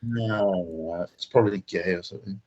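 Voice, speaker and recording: A man's voice: deep voice, normal speed, dull audio, crowd noise. A man hosting a call-in livestream, sarcastic and profane in mock-serious banter. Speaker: livestream host. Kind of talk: casual call-in stream banter.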